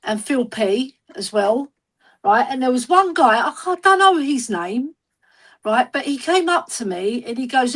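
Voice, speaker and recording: High-voiced woman telling stories. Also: animated, a little slow. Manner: storytelling, repeats "right?" often. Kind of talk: casual livestream chat.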